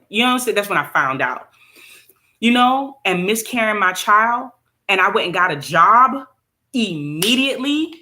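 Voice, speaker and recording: A middle-aged woman, venting bluntly in a casual vlog and touring her small apartment on a phone camera. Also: medium pitch. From United States. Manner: venting, blunt, animated, laughs often. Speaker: vlogger. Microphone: phone camera held by speaker.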